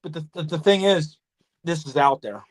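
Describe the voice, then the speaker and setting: A man hosting a casual podcast chat, telling animated stories, swearing freely and acting out conversations. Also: a little high, normal speed. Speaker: podcast host, snake breeder.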